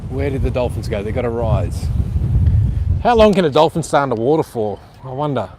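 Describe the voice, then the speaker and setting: An Australian man rambling excitedly to live-stream viewers from outdoors beside a canal, with a camera-mounted mic. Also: mid-range voice, a little fast, noisy background. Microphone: handheld camera with plug-in mic.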